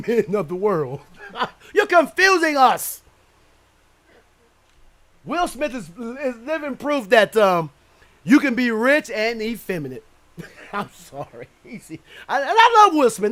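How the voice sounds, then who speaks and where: A high-voiced man hosting a radio talk show, his pitch leaping up and down as he rants. He swears freely, laughs often and sometimes shouts. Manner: animated, profane, frequently laughing, shouts at times. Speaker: internet radio show host. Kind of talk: loud ranting radio talk.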